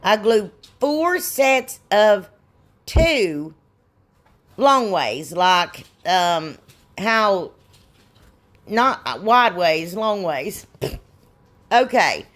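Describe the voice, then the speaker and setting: A middle-aged woman chats through a DIY craft demo at an unhurried pace. Her talk is folksy and rambling, full of little asides and jokes at her own expense. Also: medium pitch, big pitch swings. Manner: folksy, self-deprecating, rambling. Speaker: DIY crafts channel host. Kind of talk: casual craft tutorial chat.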